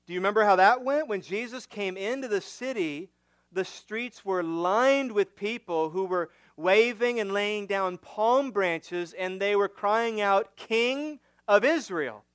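A male pastor preaching a sermon, teaching through a passage with rhetorical questions, swinging from emphatic to hushed. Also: high-pitched, unhurried, smooth, no room sound.

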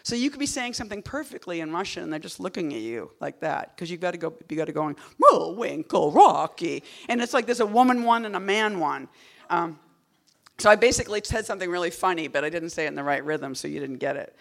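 Her voice is fairly low, with lively intonation and vocal fry, and she talks fast. She's a poet at a reading, chatting casually between poems in a wry, meandering, self-interrupting way that flips between loud bursts and hushed murmurs.

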